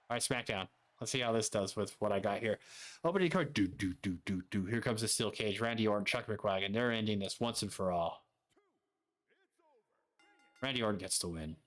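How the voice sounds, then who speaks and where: Guy streaming a wrestling game, rattling off results quick and offhand. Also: lowish voice, fairly bright tone. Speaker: gaming streamer. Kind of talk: game commentary.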